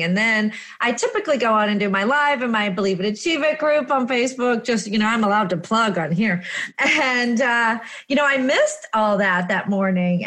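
A woman chatting casually, telling a story with lively acted-out exclamations. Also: medium pitch. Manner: animated storytelling, acting out her own exclamations. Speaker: guest. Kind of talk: casual chat.

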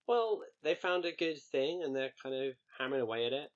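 A man chatting casually as a podcast co-host, measured and dryly wry. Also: medium pitch, animated, highs cut off. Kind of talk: casual chat.

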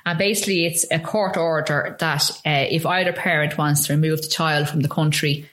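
A middle-aged Irish woman telling a painful personal story in an interview, halting and full of restarts. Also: deep voice, steady tone, fairly bright tone. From Ireland. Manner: halting, with frequent ums and restarts. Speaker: guest. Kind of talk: emotional personal testimony.

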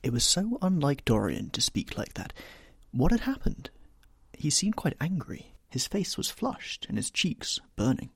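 A man narrating a classic novel in an expressive, measured storytelling manner. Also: a little high, husky, no echo, clean studio sound. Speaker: audiobook narrator.

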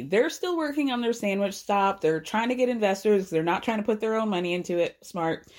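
A woman chats through a recap in a relaxed, conversational way. Her voice sits at an ordinary middle pitch, and she talks with a dry, sarcastic edge, often breaking into laughs. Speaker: podcast host recapping a reality show. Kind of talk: casual recap chat.

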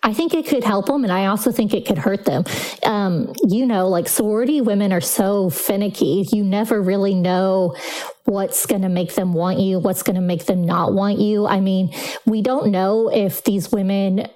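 A woman speaking at an ordinary pitch, chatty and opinionated as she answers a podcast host. She uses relaxed fillers and keeps a steady, conversational flow. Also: moderate pace, low-quality recording. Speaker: guest commentator.

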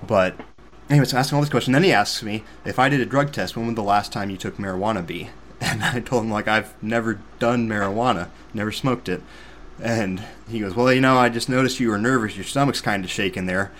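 A young man from Missouri hosting a podcast, telling a story in a casual, animated, self-deprecating way with sarcastic asides. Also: lowish voice, a little fast, slight background noise. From Missouri, USA. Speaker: podcast host.

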